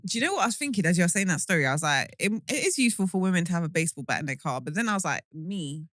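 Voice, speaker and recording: Young woman podcast co-host, quick and self-mocking, bright sharp voice, dry close mic. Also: lowish voice, no echo. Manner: fast, expressive, laughs a lot, self-mocking. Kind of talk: casual chat.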